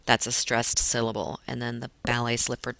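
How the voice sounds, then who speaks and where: A woman's voice: extremely low pitch, completely flat delivery, moderate pace, gravelly, noisy background. A woman teacher giving pre-reading notes on poetry to her class, explaining patiently with many fillers. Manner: patient explaining, stretches words to show stress.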